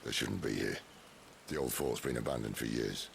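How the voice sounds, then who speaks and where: An actor playing a gruff, wry middle-aged rebel leader with a Northern English accent, speaking in a dry, commanding way. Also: male voice, a bass voice, moderate pace, full character voice. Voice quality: gravelly. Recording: game audio with rain noise.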